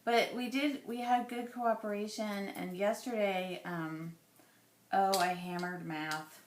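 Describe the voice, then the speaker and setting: A woman in her thirties, chatty and rambling as she thinks aloud while scrapbooking, her voice going a little hoarse. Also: mid-range voice, fairly even intonation, takes it slowly, echoey room. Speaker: scrapbooking vlogger. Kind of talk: casual crafting chat.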